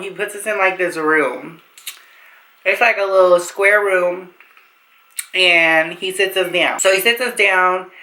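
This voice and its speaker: A young woman vlogger telling a storytime tale to camera in an animated, slangy, profane way. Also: fairly low pitch, rough recording. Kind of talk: storytime vlog.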